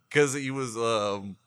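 A man with a bright, forceful voice spins loose, profane stories in easy conversation, laughing between lines. The sound is dry and close, with no room around it. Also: medium pitch, smooth, no room sound. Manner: laid-back storyteller, swears constantly, laughs often. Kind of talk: casual chat.

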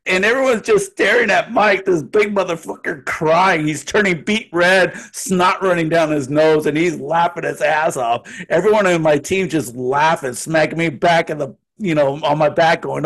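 A man's voice: fairly high pitch, normal speed. A man casually telling a workplace story, swearing freely and acting out what people said. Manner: profane, animated, acts out quotes. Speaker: podcast co-host telling a story.

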